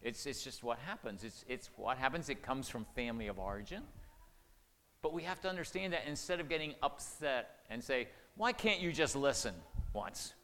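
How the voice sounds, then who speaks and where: A man's voice: mid-range voice, lively intonation, a little fast, fairly bright tone. Older male seminar speaker, mid-range voice, earnest and folksy, long reverb of a hall. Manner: earnest, conversational, many restarts and "okay?" check-ins. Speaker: marriage-preparation speaker.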